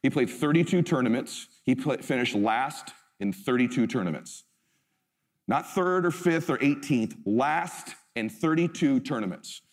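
A man's voice: mid-range voice, animated, measured pace, big-room sound. A middle-aged man giving a motivational talk. He tells the story intensely and emphatically, and he swears freely. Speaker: motivational speaker.

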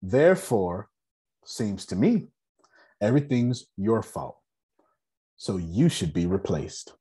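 A man holding forth at a business meeting, spinning motivational stories in relaxed slang. His voice is husky, and his pitch swoops up and down as he builds to each point, stumbling and repeating words on the way. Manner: repeats words, streetwise slang, dramatic pauses. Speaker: speaker leading a business meeting. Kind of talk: animated motivational storytelling.

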